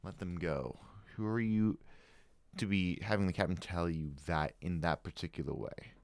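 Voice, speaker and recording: A man's voice: sits low, normal speed, dry recording. A man streaming a game live, thinking aloud in a musing, questioning way with frequent chuckles.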